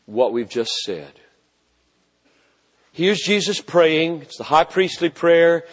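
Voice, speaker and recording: A man preaching a sermon with passion, swinging from loud emphatic repetitions to hushed, low phrases. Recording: long hall reverb.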